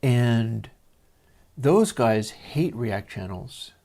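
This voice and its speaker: A man's voice: mid-range voice, expressive, drawn-out words, warm tone. Male host talking casually from a home studio; meandering and hesitant, with frequent fillers. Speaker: livestream host. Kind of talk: casual rambling monologue.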